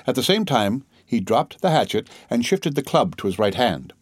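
A man reading an audiobook in measured, dramatic storytelling. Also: medium pitch, very animated, no echo, studio quality. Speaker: audiobook narrator. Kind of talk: scripted audiobook narration.

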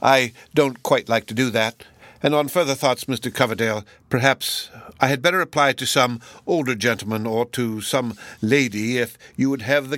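A man's voice: mid-range voice, fairly bright tone, dry recording, lightly acted. A man voicing a shy elderly man who speaks hesitantly and apologetically, in a storybook reading.

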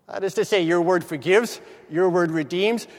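A man giving a morning devotional reflection, measured and emphatic, slowly stretching key words. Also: sits high, in a large hall.

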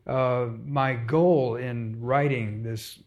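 A man from Texas, an author, explaining his ideas in an onstage conversation in a measured way, with many pauses and restarts. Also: mid-range voice, steady tone, dull audio.

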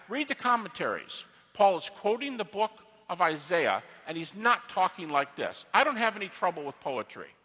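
A man giving an emphatic, dramatic sermon-like lecture in an auditorium, swinging between hushed and loud. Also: fairly high pitch. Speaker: lecturer on religion. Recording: long reverb of an auditorium.

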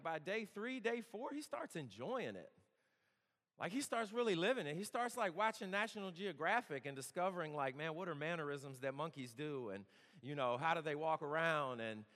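Guy in his 30s preaching, chatty storyteller, kinda high voice, long hall echo. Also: a bit bright. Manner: conversational, joking, earnest. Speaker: campus worship speaker. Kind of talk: storytelling sermon.

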